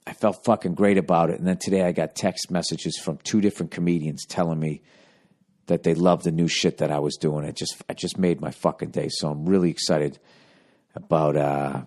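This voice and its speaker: A man's voice: low voice, darkish tone. A man hosting his podcast, rambling through a profane, self-mocking monologue in casual chat. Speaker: podcast host.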